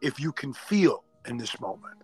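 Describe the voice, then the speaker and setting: A middle-aged man hosting a casual chat as a doctor, talking in an animated, emphatic and slangy way. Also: mid-range voice, moderate pace, slightly rough, faint music behind. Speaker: podcast host, doctor.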